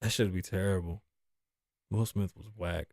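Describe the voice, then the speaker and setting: A man hosting his own show, telling stories in a casual, profane, animated way. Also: sits low, normal speed, no room sound, studio quality. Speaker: podcast host. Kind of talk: casual monologue.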